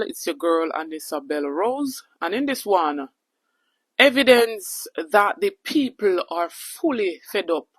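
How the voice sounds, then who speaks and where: A woman's voice: fairly low pitch, no room sound. A woman hosting an online news channel, greeting viewers and summing up the day's stories.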